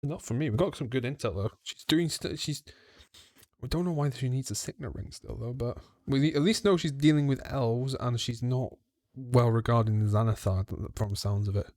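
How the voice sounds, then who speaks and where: A man's voice: mid-range voice, moderate pace, a little mellow, no room sound. A man playing a tabletop game, chatty and inquisitive. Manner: chatty, restarts and fillers, probing questions. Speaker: player. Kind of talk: casual in-character tabletop play.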